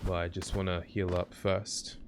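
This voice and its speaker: Young male streamer, laid-back casual commentary, lower voice, noticeable background hiss. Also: moderate pace. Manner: relaxed, chatty, reacting to chat and the game. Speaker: game streamer. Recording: noisy stream audio with clicks.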